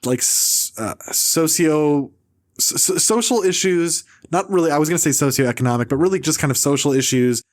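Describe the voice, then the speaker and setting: A man hosting a podcast in casual chat, ranting with mocking impressions, swearing and quick laughs. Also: fairly high pitch. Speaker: podcast host.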